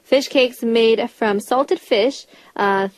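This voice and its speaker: Woman from korea chatting through a list of facts, kinda high voice, pretty dry sound, stops for ums. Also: dry recording. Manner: reads notes with pauses and fillers, chatty. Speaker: radio show co-host. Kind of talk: casual chat reading out facts.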